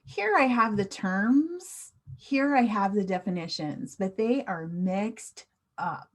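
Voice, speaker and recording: An American woman teaches a slang lesson at an unhurried pace. Her pitch sits in the middle range. She explains carefully and keeps asking the viewer to guess and repeat. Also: animated. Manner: slow, clear teacher talk with questions to the viewer. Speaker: English teacher.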